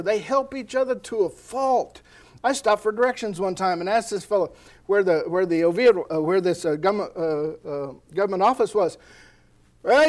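An American man preaching a sermon, animated and folksy, with storytelling asides. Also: high voice. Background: congregation responding.

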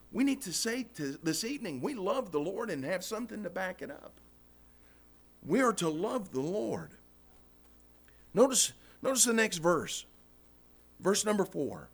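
Animated high-voiced preacher man. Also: breathy edge. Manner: animated, folksy preaching with scripture quotations. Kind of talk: sermon.

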